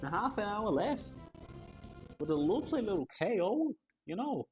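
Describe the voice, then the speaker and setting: A man doing an exaggerated, poor Scouse accent as an excitable, gleeful, swearing commentator. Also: sits high, normal speed, dull audio, soft background music, pitched above the performer's own voice. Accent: mock Scouse.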